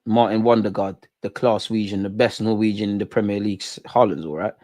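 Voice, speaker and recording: A man's voice: fairly low pitch, fairly even intonation, fast talker, a little mellow, no room sound, clean studio sound. A young man doing live, jokey, slang-filled football watch-along banter with his chat. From England.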